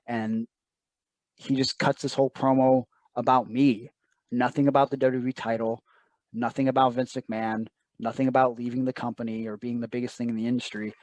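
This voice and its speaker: A man's voice: mid-range voice, level tone, brisk, darkish tone, no room sound. A man telling a personal story as an interview guest, earnest and emotional, often quoting others in asides.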